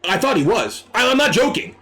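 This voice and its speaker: A young man tells a story casually, his voice climbing and falling with lively energy. He sits a little high in pitch for a man and acts out what people said. He swears freely. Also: a little fast. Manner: animated, excitable, swears freely, acts out quotes. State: dry throat. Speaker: streamer.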